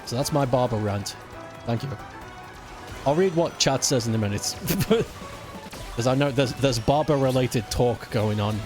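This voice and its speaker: A man's voice: mid-range voice, moderate pace, music in the background. A man ranting casually and with exasperation while he plays a racing game on stream, swearing often. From United Kingdom.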